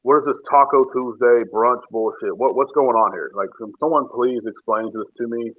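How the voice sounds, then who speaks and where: A man's voice: mid-range voice, normal speed, fairly bright tone. A man hosting a casual podcast, ranting in a profane, joking, rambling way while drinking. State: drinking bourbon while talking. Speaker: podcast host. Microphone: phone. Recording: tinny phone-app audio.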